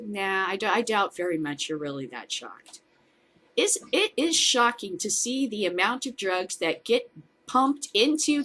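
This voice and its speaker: In a mid-range voice with a fairly bright tone, the host of a cannabis news show reads out stories in a casual commentary format. She ridicules them with sarcastic asides full of swearing.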